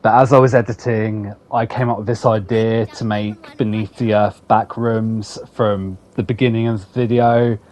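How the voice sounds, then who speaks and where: A man's voice: fairly low pitch, little pitch movement, moderate pace, few pauses, a little mellow. Sarcastic man reviewing games. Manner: sarcastic, playful, laughs often. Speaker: gaming video host. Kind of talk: casual game review commentary.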